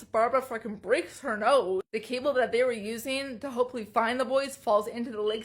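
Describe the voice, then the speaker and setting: A young woman recapping a film in a loose, chatty way, cursing freely as she talks. Her voice sits in an ordinary middle pitch, and she gets openly emotional about the story. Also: fairly bright tone. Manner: swears often, emotional, chatty. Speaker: movie recap creator. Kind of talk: casual spoiler recap.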